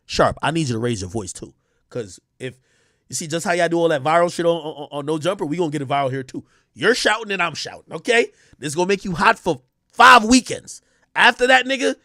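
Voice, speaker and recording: A man rants on a livestream, boastful and teasing. His voice sits very high and swings up and down a great deal, and the sound is dry, as if close to the mic. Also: pushed and bright, dry recording. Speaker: streamer. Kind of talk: casual livestream rant.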